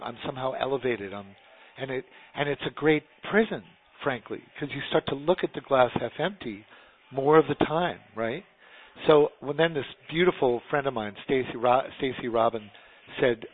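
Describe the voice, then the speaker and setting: A man from New York talking earnestly in a casual conversation, rambling with many restarts. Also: medium pitch. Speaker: guest. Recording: tinny phone-like line.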